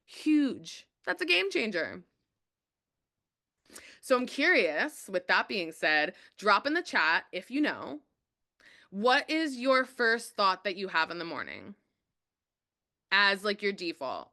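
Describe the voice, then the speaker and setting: Woman, webinar host, bright tone, smooth clear voice, upbeat, encouraging. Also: fairly high pitch, sing-song, a little slow. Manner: upbeat, encouraging, reads chat aloud. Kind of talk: motivational webinar talk.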